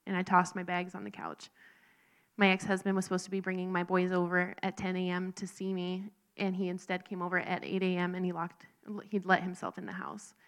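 A woman telling her personal faith testimony in an earnest, halting, emotional way. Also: fairly low pitch. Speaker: speaker sharing a recovery testimony.

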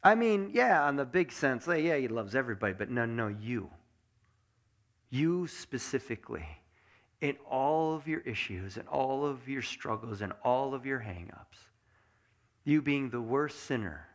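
A man preaching a sermon, earnest and intimate, sometimes dropping to a hush. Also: medium pitch, expressive, a little slow. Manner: acts out dialogue, then drops to a hushed, earnest delivery. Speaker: pastor.

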